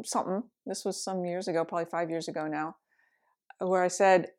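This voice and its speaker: A woman's voice: medium pitch, a little mellow. A middle-aged meditation teacher tells a story from her own life. She talks candidly and reflectively, with the occasional laugh. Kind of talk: storytelling talk.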